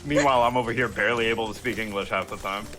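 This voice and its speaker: An easygoing man on a gaming stream with a bright, forceful edge to his voice, explaining game mechanics and joking at his own expense. His pitch sits at an ordinary middle level for a man, with faint game music playing underneath. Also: very fast. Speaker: co-player guest on a stream. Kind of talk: casual gaming chat.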